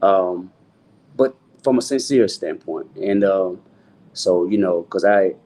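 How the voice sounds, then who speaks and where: A man's voice: low voice, takes it slowly, warm tone, a little hiss or hum. A middle-aged man, a singer talking loosely in an interview and filling his talk with "you know what I'm saying". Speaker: guest singer.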